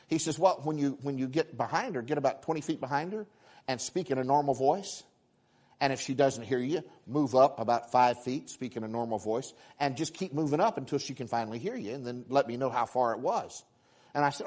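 A man preaching a sermon, telling stories with animated acted-out exclamations and quick repeated starts. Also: mid-range voice. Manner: animated, acts out voices and exclamations, frequent repeated words. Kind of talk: sermon storytelling.

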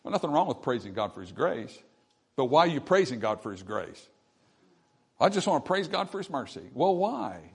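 A man preaching a sermon, his voice swelling loud and dropping soft, with scripture read aloud in old-style wording. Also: mid-range voice, breathy edge. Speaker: pastor.

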